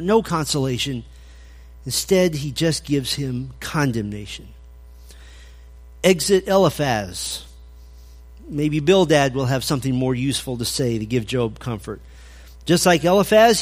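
Man, pastor, preaching, slightly high voice, reads scripture, dry irony. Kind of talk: expository sermon.

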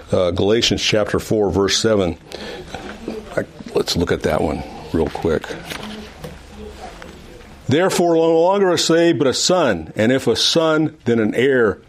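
A man teaching an adult Sunday school class, reading scripture and explaining it with emphatic repetition and frequent restarts. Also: on the low side. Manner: emphatic, repeats words and restarts often. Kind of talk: Bible teaching.

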